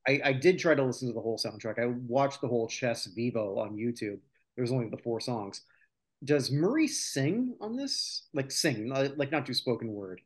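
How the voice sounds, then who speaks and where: A man's voice: medium pitch, expressive, moderate pace. A man hosting a casual podcast chat, sharing chart research and trivia with his co-hosts. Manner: chatty, shares research and trivia. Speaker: podcast host.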